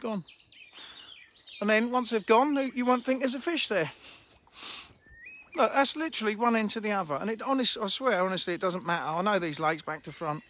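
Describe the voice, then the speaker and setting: Bloke on his phone by a fishing lake, high voice, laughy and blunt, birds a bit in the back. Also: normal speed, pauses often, a bit bright, slight background noise. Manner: chatty, laughing, blunt and informal. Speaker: fishery owner. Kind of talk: live-streamed lakeside walk and chat. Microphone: handheld phone.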